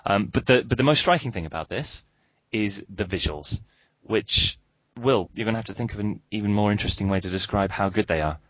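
Male podcast host, low voice, dry teasing humor, deadened lo-fi sound. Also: expressive, fairly quick, no room sound. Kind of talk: casual podcast chat and tech news.

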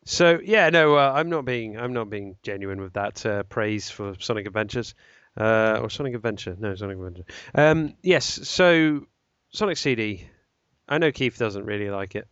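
A man's voice: fairly low pitch, moderate pace, fairly bright tone, smooth, no echo. Guy chatting on a podcast, rambly, lots of ums, dry dull sound. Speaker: podcast co-host. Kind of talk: casual chat.

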